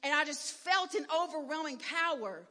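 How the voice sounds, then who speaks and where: A woman gives her testimony from the pulpit in a candid, emphatic way, building to loud proclamations. Her voice sits high, and the long reverb of a large church hall trails after her. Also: lively intonation, normal speed. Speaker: preacher giving a testimony. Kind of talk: sermon testimony.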